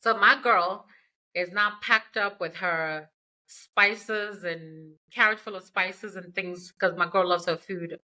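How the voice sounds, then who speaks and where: A woman's voice: fairly low pitch, slow pace, pushed and bright, poor audio. A woman hosting a podcast, retelling a book's plot in a chatty, slangy way with asides. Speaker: podcast host. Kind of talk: casual book recap.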